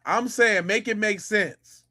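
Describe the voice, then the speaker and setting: High, bright-voiced sarcastic male commentator. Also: takes it slowly. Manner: mocking, incredulous, slangy. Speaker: podcast host, commentator.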